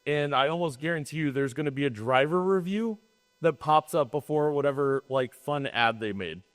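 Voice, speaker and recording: A man co-hosting a casual panel talk at a trade show, quick and joking, with sarcastic asides. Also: fairly high pitch. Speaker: podcast co-host. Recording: long hall reverb.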